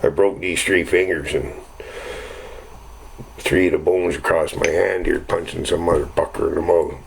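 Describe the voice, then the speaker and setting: A man's voice: deep voice, steady tone, normal speed, creaky, a little hiss or hum, low-quality recording. A middle-aged man telling rambling, profane stories in casual chat. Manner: rambling, swears constantly, chuckles at own stories.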